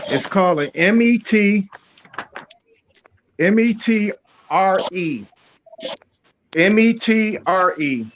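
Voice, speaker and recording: A man in casual chat, explaining something deliberately. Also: high voice, animated, muffled recording, a little hiss or hum.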